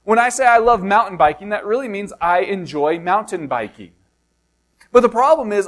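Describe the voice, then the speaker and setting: High-voiced male pastor preaching. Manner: reads scripture slowly and low, then preaches conversationally with rhetorical questions; self-deprecating asides. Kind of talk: sermon.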